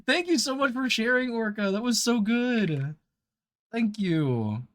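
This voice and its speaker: A man's voice: very high-pitched, animated, measured pace, fairly bright tone, no room sound. A man streaming live, chatting casually and reacting aloud with laughter.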